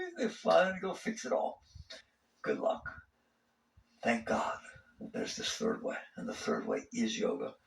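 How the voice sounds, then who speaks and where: Folksy older man, roomy, gravelly. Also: on the high side. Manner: folksy, animated, laughing often, asking the audience questions. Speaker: spiritual teacher. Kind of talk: spiritual talk to an audience. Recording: roomy and distant mic.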